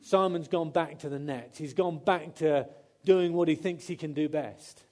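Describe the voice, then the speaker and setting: A man's voice: fairly high pitch, unhurried, darkish tone. A man preaching a conversational sermon, often acting out quotes and restarting his sentences.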